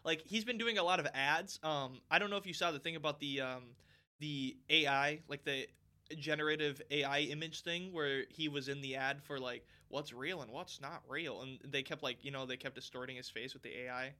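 A young man co-hosting a podcast in casual chat, rambling with lots of fillers and getting loud when excited. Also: a little high, normal speed. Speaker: podcast co-host.

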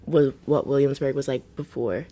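A young woman telling stories in casual chat, animated and full of "like". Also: rumbling low, normal speed. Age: young adult. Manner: chatty, animated storytelling with lots of "like". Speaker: podcast co-host.

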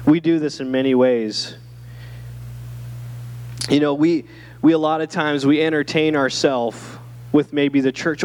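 Slightly high-voiced preaching pastor. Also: male voice, moderate pace, a little mellow. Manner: conversational preaching with many rhetorical "right?" checks. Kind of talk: sermon. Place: church.

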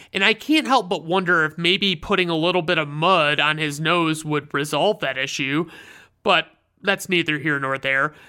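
Casual commentary host, sarcastic, swears a lot, deadpan asides, bright voice. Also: mid-range voice. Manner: sarcastic and profane. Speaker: host reviewing old holiday specials.

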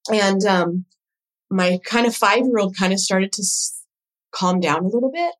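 A woman guest on a podcast, a doula coach, telling a personal story in casual conversation with emotional, animated quoted dialogue. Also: mid-range voice, moderate pace, low-quality recording.

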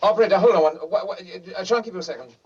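An actor playing a flustered, prim British officer with a British accent, speaking in a clipped, exasperated way. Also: male voice, high voice, rapid-fire, a little mellow, a little hiss or hum, lightly acted. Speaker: British air force officer. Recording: muffled old film audio, distant.

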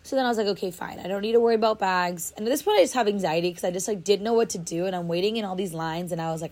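A woman's voice: mid-range voice, rapid-fire, hardly any pauses, darkish tone. A young woman telling a travel story in a chatty, dramatic way, full of filler words. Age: young adult. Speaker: storyteller vlogger. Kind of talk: casual storytime. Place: outdoors, then moves indoors.

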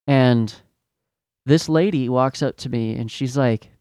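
A man's voice: mid-range voice, slow pace, darkish tone, dry recording, studio quality. A young man hosting a podcast, ranting in a fed-up, profane, exasperated way about his retail job. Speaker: podcast host, retail worker.

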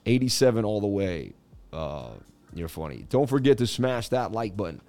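A man's voice: fairly low pitch, big pitch swings, moderate pace, darkish tone. A man hosting a casual livestream, joking and chatting while he reads viewer comments and walks through charts. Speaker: crypto livestream host.

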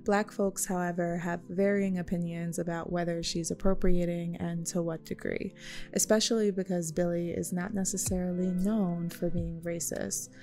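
A woman reading a scripted commentary video essay in a measured, critical, plain-spoken way. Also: on the low side, little pitch movement, mellow, soft background music.

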